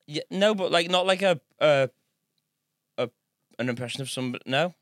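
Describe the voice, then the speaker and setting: A man's voice: a little high, normal speed, dry recording, studio quality. A hungover man co-hosting a podcast, hesitant and rambling with lots of ums. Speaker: podcast co-host. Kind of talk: casual banter.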